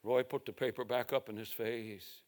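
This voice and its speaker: A man preaching a sermon, telling a story in a slow, dramatic way. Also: medium pitch, steady tone. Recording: reverberant hall.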